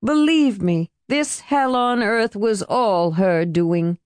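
A woman's voice: mid-range voice, slow, no room sound, voice pushed up, close to an everyday voice. A woman voicing a prim, tightly wound middle-aged woman who is defensive and scolding, in an audiobook reading. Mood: shrill denial.

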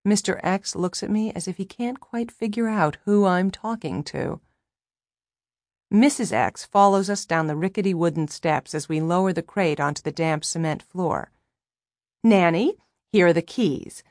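A woman reading a first-person novel aloud in a low voice, with a wry, measured delivery. The recording is close and dry, with no room sound. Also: a little mellow, dry recording. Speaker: audiobook narrator.

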